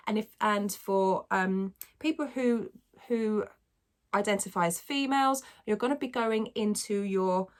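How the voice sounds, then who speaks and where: A woman vocal coach teaching a singing lesson, explaining technique and demonstrating squeaky sung vowels.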